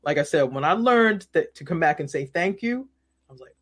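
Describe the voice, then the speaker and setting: High-pitched man telling animated stories. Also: brisk. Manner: animated storyteller who acts out quoted voices, repeats words. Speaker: guest. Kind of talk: casual interview talk.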